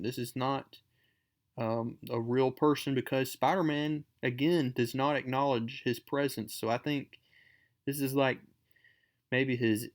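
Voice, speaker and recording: A man hosting a casual comic book recap, talking in a chatty, enthusiastic way. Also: mid-range voice.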